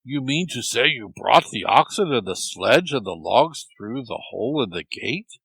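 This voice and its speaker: A man voicing a hot-tempered male devil who bursts out in sudden high cries. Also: sing-song, moderate pace, creaky, a bit bright, husky, dry recording, heavily acted. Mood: astonished. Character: blustering male devil, easily enraged.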